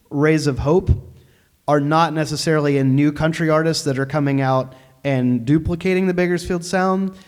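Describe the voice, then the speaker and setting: A man's voice: a little high, smooth. A man speaking casually and conversationally at a library panel discussion. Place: library event hall.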